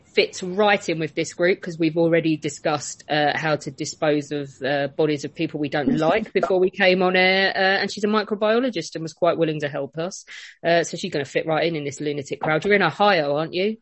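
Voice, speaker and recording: A woman's voice: low voice, brisk, no echo. A woman hosting a casual online panel, chatty and teasing with guests. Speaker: host.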